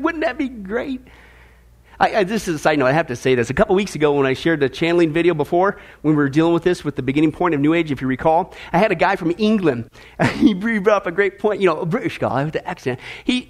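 High-voiced man preaching emphatically. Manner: emphatic, rhetorical questions, repeated phrases. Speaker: pastor. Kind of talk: sermon.

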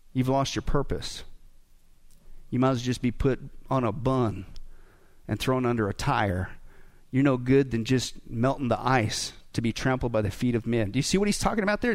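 A male pastor preaching a sermon, joking and asking the congregation rhetorical questions. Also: mid-range voice.

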